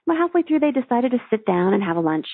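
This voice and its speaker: A woman spiritual teacher with a fairly high, sing-song voice tells a story and leads a guided meditation over a tinny phone line. She sounds earnest and soothing, slowing down when guiding, and the recording is dry with no room sound.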